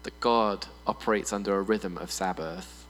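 A man preaching a sermon in a church hall, animated and playful, often putting on voices for humor. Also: deep voice, normal speed. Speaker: pastor. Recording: long reverb in a hall with mains hum.

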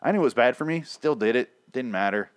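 A man's voice: mid-range voice, animated, fast, no echo, clean studio sound. A man giving a casual, profane episode recap, rambling and sarcastic, acting out the scenes as he goes. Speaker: TV show recapper.

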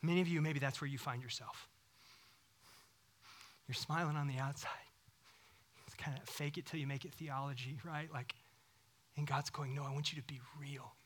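A man in his thirties preaching a sermon, animated, swinging between loud bursts and hushed whispers. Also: fairly high pitch, normal speed, pauses often, slight background noise. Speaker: pastor.

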